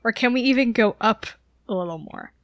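A woman playing a tabletop game, excitable and easily exasperated. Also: fairly high pitch, a little fast, dry recording. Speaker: player.

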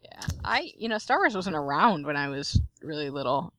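A woman's voice: deep voice, sing-song, moderate pace, fairly bright tone, dry recording. A woman guesting on a podcast, telling a rambling story full of "like". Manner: rambling, lots of "like". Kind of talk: casual podcast chat.

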